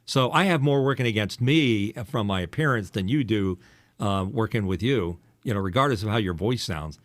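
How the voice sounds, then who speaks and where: A man's voice: lowish voice, expressive, moderate pace, no echo. Older man with a polished radio voice. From eastern United States. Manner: teasing, rambling, filler-heavy. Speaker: podcast host and former radio DJ. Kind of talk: casual chat.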